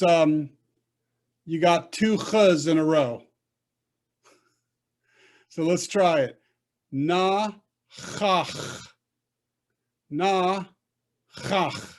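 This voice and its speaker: A man teaching a Hebrew reading class over a video call, coaching patiently and sounding out syllables. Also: sits high. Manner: patient, coaching, slow and deliberate. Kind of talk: online class instruction.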